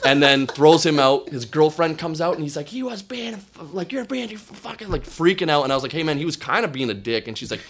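A man's voice: fast talker, few pauses. A man, a comedian, telling stories in casual chat and acting out quoted people with big jumps in voice. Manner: animated, acts out quotes with big pitch jumps. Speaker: comedian guest.

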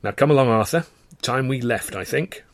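A man's voice: mid-range voice, moderate pace, dry recording, natural voice. A man reading aloud as a loyal older male friend who speaks in a firm, brusque way. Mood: composed. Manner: firm and upright, then breathless.

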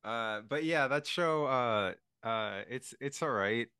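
A man's voice: mid-range voice, slow pace, sharp tone, clear, resonant tone, dry recording, studio quality. Laid-back podcast man. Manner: laid-back, hesitant, laughs often. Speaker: podcast co-host. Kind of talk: casual chat.

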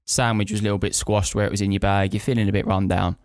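Quick bloke bantering on a podcast, dry close mic. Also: male voice, lowish voice, little pitch movement, darkish tone, no room sound. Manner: playful, teasing banter. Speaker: podcast co-host. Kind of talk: casual chat.

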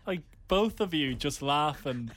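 A man's voice: on the high side, animated, unhurried, fairly bright tone. A man co-hosting a radio show, teasing his partner in mock-serious banter. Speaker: radio co-host.

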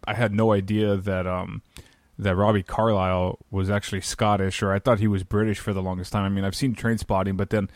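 Laughing, excitable podcast host man. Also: on the low side, a little fast, no room sound. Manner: enthusiastic, laughs often, repeats words. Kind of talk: casual podcast chat.

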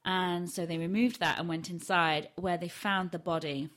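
A woman from Yorkshire, England, hosts a relaxed true-crime podcast with a friend. Her voice sits a little low. She tells the case in a chatty, self-deprecating way and laughs often. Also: moderate pace. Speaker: podcast co-host.

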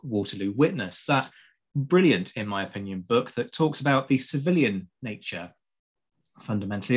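A man hosting a history podcast, chatting casually with a guest and often restarting his phrases. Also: medium pitch. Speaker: podcast host. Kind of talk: casual interview chat.

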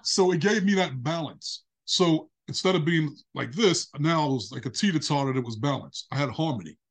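A man, a podcast guest, telling a candid personal story in an animated way. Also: normal speed. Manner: animated, acts out quoted dialogue with big pitch jumps.

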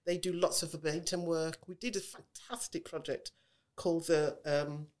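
Middle-aged brummie woman, animated chatty guest, fairly low voice. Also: moderate pace. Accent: Birmingham. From Birmingham, England. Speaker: guest actress. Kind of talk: casual interview chat. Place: podcast recording venue.

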